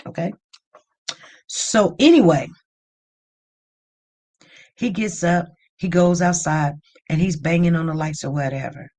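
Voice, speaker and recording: A woman hosting a livestream, telling a story in a lively, animated way and rising to near-shouts when upset. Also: fairly low pitch, a little slow, pauses often. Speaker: livestream host.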